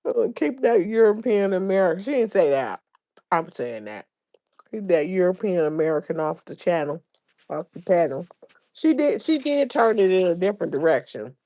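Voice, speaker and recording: A woman's voice: fairly low pitch, sing-song, moderate pace, mellow. A woman hosting a casual livestream, chatting and reading viewers' comments aloud, laughing often. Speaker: livestream host.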